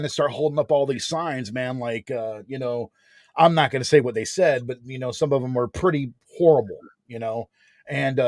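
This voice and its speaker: Animated, slangy man in his forties. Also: medium pitch, dry recording. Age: 40s. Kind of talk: casual storytelling.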